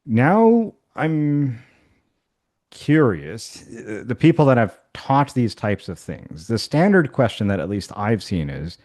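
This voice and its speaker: In a workshop software demo, a male math instructor casually guides colleagues through an online activity, thinking out loud with fillers and restarts. His mid-range voice is sing-song and a bit mellow, and he takes things slowly.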